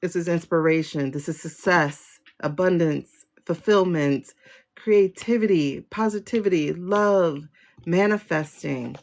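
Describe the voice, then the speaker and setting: A woman reads tarot live for her viewers, speaking slowly in a fairly low voice. She is effusive and exclamatory, calling out to the chat. The sound comes through a phone livestream. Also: gravelly. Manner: emotional and exclamatory, addressing viewers as y'all. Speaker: tarot reader hosting a livestream.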